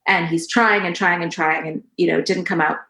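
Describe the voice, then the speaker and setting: This forties-aged podcast guest speaks a little fast in a lowish voice, sharing stories with animation, earnestness, and feeling. The conversation is casual, and the room gives the sound an echo.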